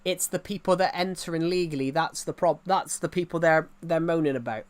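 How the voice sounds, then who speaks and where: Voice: mid-range voice, a little fast. A streamer with a rural English accent, chatting on a livestream and answering viewer comments, with frequent restarts and repeated phrases. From England.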